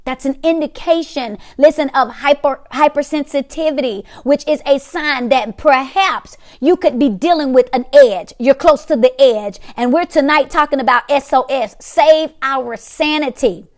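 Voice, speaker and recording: Host: middle-aged woman, high voice, emphatic motivational teacher who repeats herself. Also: moderate pace, few pauses. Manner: emphatic, repeats phrases, acts out reactions. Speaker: therapist hosting a weekly talk.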